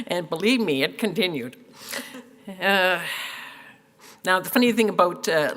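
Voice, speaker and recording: An older woman giving a funeral eulogy, telling stories with fillers and laughs, tearful at times. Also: fairly low pitch. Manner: warm storytelling with fillers and laughs. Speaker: eulogy speaker. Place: funeral hall. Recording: echoey hall.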